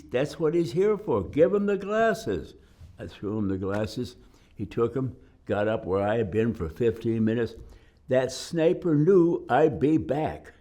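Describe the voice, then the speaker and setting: A man's voice: deep voice, warm tone. An older man from Detroit, a war veteran telling his memories in an oral history interview, acting out voices and sounds as he goes. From Detroit, United States. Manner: vivid storytelling, acting out voices and gunshots.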